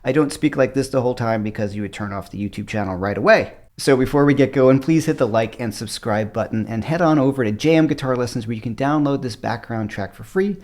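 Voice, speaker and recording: A middle-aged man teaching a guitar lesson, shifting between louder and softer speech on purpose. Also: fairly quick, hardly any pauses. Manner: varies loudness and pitch on purpose to show dynamics. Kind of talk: guitar lesson, talking to camera. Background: guitar playing.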